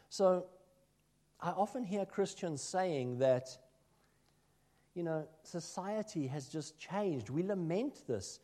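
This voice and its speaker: A man preaching from the pulpit, his voice sitting a touch higher than most men's. He tells self-deprecating stories and moves between lively, louder asides and quiet, confiding remarks. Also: takes it slowly, long pauses. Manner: self-deprecating storytelling, shifting from loud asides to hushed remarks. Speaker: minister. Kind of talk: sermon with personal anecdotes.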